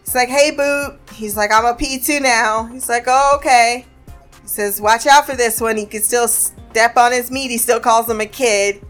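A woman casually recapping a TV episode, animated and profane, acting out the characters' lines. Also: on the high side, normal speed, faint music behind.

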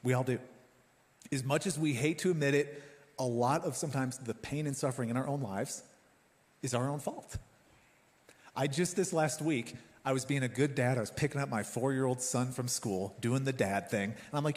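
A thirtysomething pastor with a mid-range voice talks a little fast, addressing his congregation head-on in a lively, chatty way. The sermon includes personal stories, recorded in an echoing church hall.

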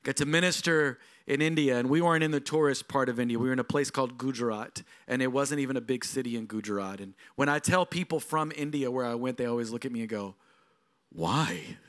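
A middle-aged man, a lead pastor, preaching a sermon in a storytelling way that moves from quiet moments to emphatic passages. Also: mid-range voice, fast talker, hardly any pauses, clear, resonant tone.

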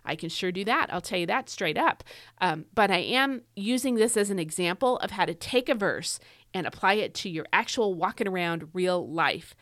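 A middle-aged woman giving casual devotional teaching, earnest and encouraging, pushing her voice up for emphasis and slowing down to read scripture. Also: on the low side, expressive, fairly bright tone, no echo, studio quality. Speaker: devotional podcast host.

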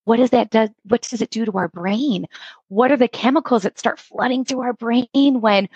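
A woman instructional coach telling stories in an earnest, animated way as a podcast guest. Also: fairly high pitch, normal speed, husky, no echo, dull audio. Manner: earnest, animated storytelling with acted quotes. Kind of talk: podcast interview storytelling.

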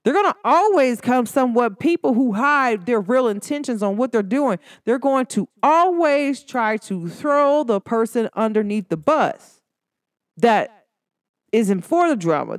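Emphatic, chatty woman podcaster with a higher voice. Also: no echo, clean studio sound. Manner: emphatic and talkative, addresses listeners directly with slang. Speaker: podcast host. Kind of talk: casual solo podcast monologue.

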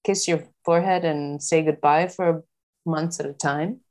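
Slow, low-voiced woman interviewer. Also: fairly even intonation, darkish tone. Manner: brief prompts, curious questions. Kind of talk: casual interview.

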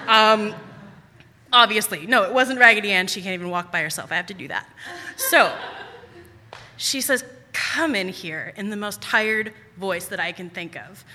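A young adult woman telling a personal story on stage, animated and self-mocking with quick asides. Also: mid-range voice. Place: stage at a live storytelling event. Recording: reverberant hall.

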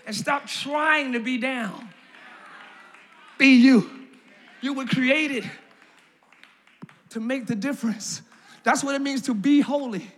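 A male pastor preaching a lively, playful sermon in a large church, often shouting to the congregation. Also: extremely high pitch, slow, pauses often.

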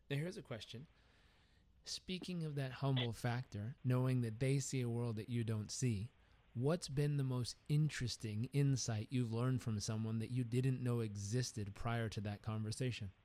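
A man hosting an interview, asking a thoughtful question in a measured way. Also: medium pitch, warm tone. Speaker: interview host.

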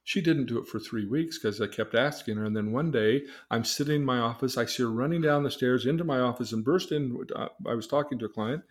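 Older male therapist and podcast host, mid-pitched, chatty storyteller who acts out dialogue. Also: fairly quick, few pauses. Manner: conversational, acts out dialogue in different voices.

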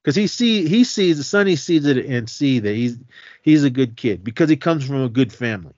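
A man's voice: medium pitch, moderate pace, no echo. A man co-hosting a podcast, casually recapping a movie scene by scene with lots of swearing and laughter. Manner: profane, animated retelling with frequent laughs. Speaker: podcast co-host. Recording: dull, dry lo-fi podcast mic.

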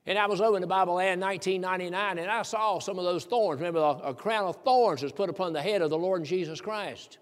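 A man's voice: high-pitched, fast talker. An older man from Tennessee preaching a sermon in a folksy, emphatic way that builds into fervent peaks. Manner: folksy, emphatic preaching with rising fervor and chuckles. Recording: long reverb of a church hall.

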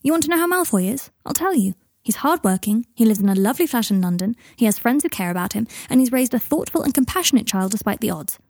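A woman's voice: a little high, lively intonation, quick pace, vocal fry, warm tone, breathy edge, no room sound, clean studio sound, heavily acted. A woman reading the part of a kind, protective young wizard in an audiobook, speaking earnestly. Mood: indignant. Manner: earnest, rising to indignant outbursts.

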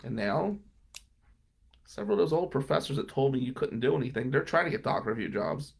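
Sing-song and brisk, with vocal fry and a breathy edge, a man in his thirties talks openly in an interview about his tough early years as an Atlantic City trial attorney. He's blunt and curses plenty, moving from low and subdued to loud and heated.

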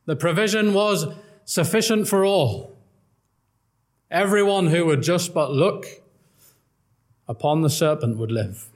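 A man's voice: fairly high pitch, unhurried, long pauses. A man preaching an earnest, emphatic gospel sermon and quoting old-style scripture.

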